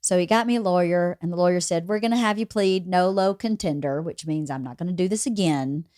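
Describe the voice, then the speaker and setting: A woman hosting a podcast, telling a story in a lively, casual way and laughing as she goes. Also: fairly low pitch, a little fast, no room sound, clean studio sound. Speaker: podcast host.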